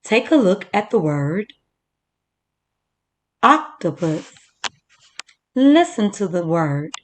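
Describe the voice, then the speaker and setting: A woman teacher leading a first-grade reading lesson, slowly sounding out words for young children. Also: medium pitch, big pitch swings, slight background noise.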